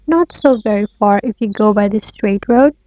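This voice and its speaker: A woman's voice: mid-range voice, moderate pace, dark tone, no room sound, close to an everyday voice. A woman voicing an innocent little girl in a red hood in a storybook, eager and wide-eyed. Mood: cheerful. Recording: dull lo-fi audio.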